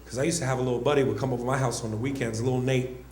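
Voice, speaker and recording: A man's voice: mid-range voice, level tone, rapid-fire, darkish tone, roomy sound. Brash male stand-up comedian. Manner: brash, storytelling.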